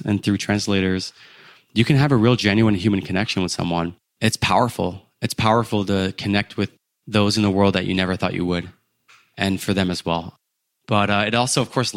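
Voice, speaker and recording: A man in his thirties from the United States tells stories as a podcast guest, his voice sitting on the low side. He is animated and laughs at his own tales. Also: no room sound, studio quality. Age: 30s. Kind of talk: casual storytelling.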